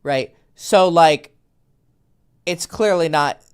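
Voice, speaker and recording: A man's voice: a little high, slow pace, clear, resonant tone. A man working as a dating coach, talking casually and bluntly, swearing now and then and acting out quoted texts as he tells stories. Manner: animated storytelling, acts out quoted texts. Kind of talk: casual podcast conversation.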